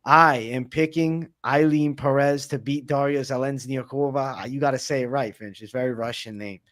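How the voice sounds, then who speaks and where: A man's voice: mid-range voice, fairly even intonation, moderate pace, fairly bright tone, no room sound, clean studio sound. A man hosting a betting podcast, talking fight picks in a loose, joking, slangy way. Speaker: MMA betting podcast host. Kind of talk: casual fight-picks chat.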